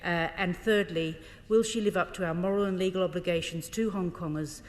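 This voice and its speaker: A woman's voice: fairly low pitch, steady tone, fairly quick. A woman shadow minister giving a formal parliamentary speech, pressing pointed questions. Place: large debating chamber. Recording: reverberant parliamentary chamber.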